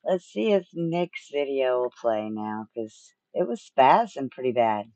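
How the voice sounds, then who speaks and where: A woman's voice: a bass voice, sing-song, a little slow, mellow, no room sound, muffled recording. A woman hosting a casual livestream, offhand as she manages video playback. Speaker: channel host.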